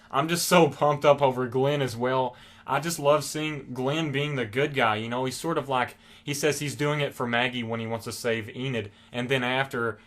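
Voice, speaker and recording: A man's voice: mid-range voice, a bit bright. A young man reviewing a TV episode, talking casually and enthusiastically with lots of fillers and rambling asides.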